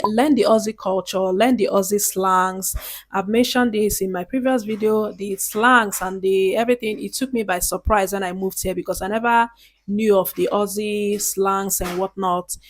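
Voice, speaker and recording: A woman from Nigeria gives casual vlog advice in a chatty, earnest way, often checking in with her viewers. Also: medium pitch. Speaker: vlogger.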